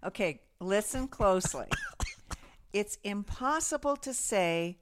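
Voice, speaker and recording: A woman's voice: mid-range voice, expressive, slow pace, noisy background. A woman with a mid-range voice co-hosting a chatty podcast. She talks with bubbly enthusiasm and gushes about what she loves. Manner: enthusiastic, gushing. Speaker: podcast co-host. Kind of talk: casual chat.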